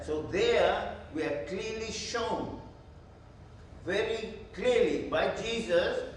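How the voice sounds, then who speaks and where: A man's voice: high-pitched, slow, distant mic, a little hiss or hum. A man, a pastor, leading a Bible study with emphatic teaching and questions he answers himself. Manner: emphatic, asks and answers his own questions. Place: church hall. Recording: very echoey church hall, from afar.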